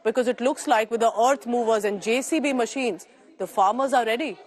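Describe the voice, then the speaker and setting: A woman news anchor, briskly bringing in reporters on a morning telecast. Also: on the high side.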